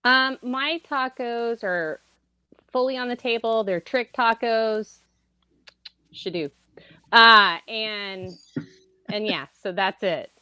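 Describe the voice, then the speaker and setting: A woman co-hosting a pop-culture podcast, unhurried and playful. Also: a little high, bright, forceful tone, clean tone, no room sound. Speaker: podcast co-host. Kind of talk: casual chat.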